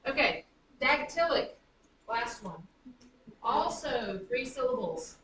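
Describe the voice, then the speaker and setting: Slow-talking woman teacher. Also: fairly high pitch, sing-song, a bit bright, recorded from a distance, slight background noise. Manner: slow, chanting stress patterns aloud. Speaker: high school writing teacher. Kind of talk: classroom lecture on poetic meter. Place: classroom. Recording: echoey classroom recorded from afar.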